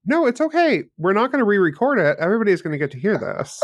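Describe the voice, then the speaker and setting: A man's voice: sits high, sing-song, quick pace, lo-fi sound. A man co-hosting a podcast, chatting casually and teasing the others with sarcasm. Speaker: podcast co-host. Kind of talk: casual chat.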